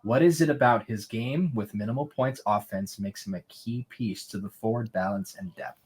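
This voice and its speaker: A man's voice: fairly low pitch, moderate pace, darkish tone, husky. A man, the podcast's producer, reading out listener questions with offhand jokes.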